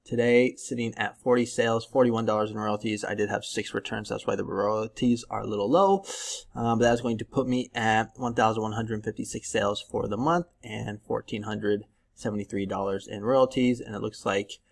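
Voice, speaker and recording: A man from California with a lowish, gravelly voice, walking through a screen-share tutorial. He talks in a relaxed, chatty way, filling pauses with ums and likes. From Northern California. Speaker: YouTube print-on-demand tutor.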